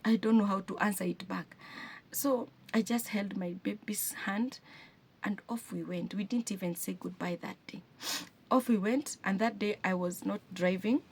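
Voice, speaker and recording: A woman's voice: medium pitch, normal speed, breathy edge. A Kenyan woman vlogging as a single mother, retelling a hard family day in an earnest, emotional way and often restarting her sentences. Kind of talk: personal storytelling to camera.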